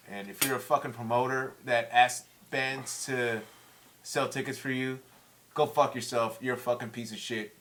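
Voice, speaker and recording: A man's voice: mid-range voice, a bit bright, slight background noise. A man in his forties, a guest musician in a casual chat, telling stories with heated, profane language. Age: 40s.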